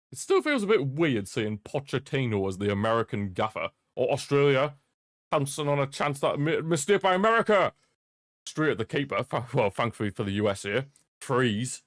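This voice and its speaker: A young man talks casually through a streaming mic, rambling and laughing with his chat. His voice sits at an ordinary middle pitch. The sound is dry and close, with no room around it. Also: no room sound. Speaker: streamer hosting a football watchalong. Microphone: streaming microphone.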